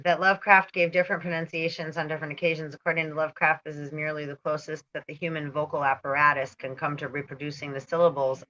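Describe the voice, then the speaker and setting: A woman's voice: low voice, sharp tone, highs cut off. A woman reading aloud and commenting casually as she goes, stumbling over hard words and drifting into asides. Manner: reads aloud, stumbles on words, laughs and digresses. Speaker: spiritual channel host.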